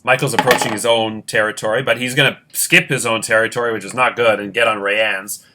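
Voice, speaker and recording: A man with a bright, forward voice calls each roll of a board game, counting squares aloud. He talks casually and checks his own sums between moves. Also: lowish voice, steady tone, a little fast, a little hiss or hum. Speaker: host running a Monopoly-style competition.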